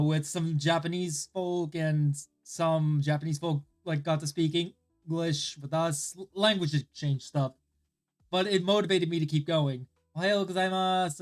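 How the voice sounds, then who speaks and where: Worn-out streamer with a cold. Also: mid-range voice. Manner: frustrated, swears often, repeats practice phrases slowly. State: tired and coming down with a cold. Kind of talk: casual live-stream chat while studying Japanese. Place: at home.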